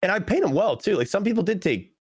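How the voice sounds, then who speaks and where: Animated young man telling stories. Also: sits high, fast talker, husky, dry recording, studio quality. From Philadelphia area, USA. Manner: animated storyteller who acts out quoted people. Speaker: podcast guest. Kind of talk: casual podcast chat.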